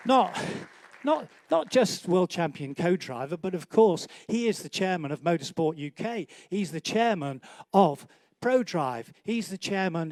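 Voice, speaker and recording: A man's voice: sits high, a little mellow, no echo. A man hosting an awards night, doing joking live banter as he walks between the banquet tables and teases guests by name. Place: large indoor banquet hall.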